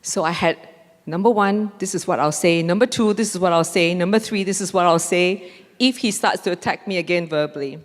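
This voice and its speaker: A woman's voice: on the low side, a little fast. Woman telling a story in a reverberant hall. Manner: animated, acts out dialogue with laughs. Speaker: mindfulness trainer giving a conference talk. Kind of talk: storytelling lecture. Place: large conference hall.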